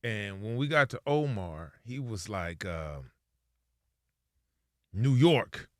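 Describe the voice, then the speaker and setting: A man co-hosting a sports talk show, telling stories in animated, casual chat with playful quoted voices. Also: lowish voice, measured pace, no room sound, studio quality.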